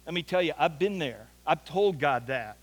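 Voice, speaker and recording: A man's voice: on the high side, expressive, moderate pace. A man preaching a sermon as pastor, telling a scripture story in an earnest way and often repeating words for emphasis. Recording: long reverb of a large hall.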